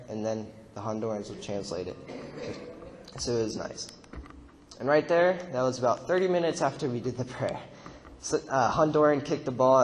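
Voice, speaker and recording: A man's voice: mid-range voice, long reverb tail, a little hiss or hum. A young man casually recounting a mission trip while narrating a slideshow, rambling with fillers and laughs. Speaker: mission trip member giving testimony.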